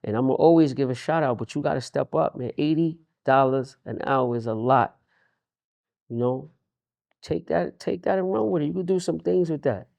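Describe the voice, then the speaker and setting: A man's voice: a little high, normal speed, creaky, a little mellow, no echo. A man, a union leader talking in a casual interview, streetwise and repeating words for emphasis. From Queens, New York.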